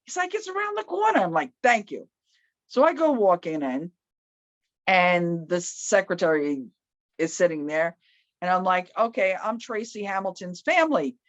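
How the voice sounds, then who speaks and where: Casual woman storyteller, loud, acts out every voice, slightly dull dry recording. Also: fairly low pitch, very animated, unhurried, no room sound. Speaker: guest telling a personal story.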